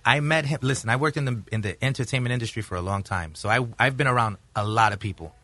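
A male stand-up comedian with a Latino accent, telling stories in an animated, casual way and switching between English and Spanish. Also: medium pitch, quick pace, no room sound. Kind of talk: casual bilingual chat, storytelling.

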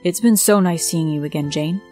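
Woman reading a gentle young man. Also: lowish voice, fairly quick, faint music behind, natural voice. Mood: friendly. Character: friendly young man, soft-spoken.

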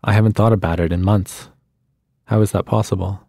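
Field: voice. Value: a man reading as a wry, restless woman, low and dry. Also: steady tone, a little fast, gravelly, dark tone, dry recording.

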